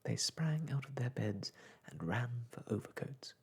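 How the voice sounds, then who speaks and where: A man reads a bedtime story as a whispered role-play, slow and soft. His whisper is husky and breathy with a gravelly edge, and it rises and falls with a lively lilt. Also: mid-range voice.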